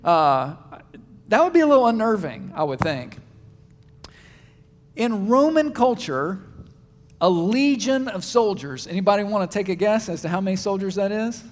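Man, pastor, high-pitched, conversational preaching, reverberant church hall. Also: normal speed, long pauses. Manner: conversational, animated preaching with audience questions. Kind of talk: sermon.

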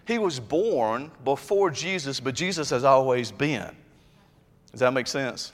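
A man preaching a sermon to his congregation, chatty and folksy, building up to loud emphatic stretches. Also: medium pitch, animated, a little slow. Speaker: pastor. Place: church sanctuary. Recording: long reverb of a church hall.

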